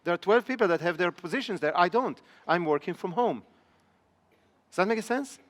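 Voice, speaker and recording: Animated and at normal speed, this middle-aged business trainer speaks in a voice that sits high. During his live seminar lecture he repeatedly poses rhetorical questions to his audience. The large training hall adds long reverb.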